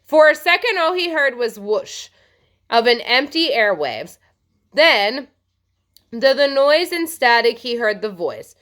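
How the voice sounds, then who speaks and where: A woman teacher reading a novel aloud to her class, with expressive storytelling. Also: fairly high pitch, a little slow.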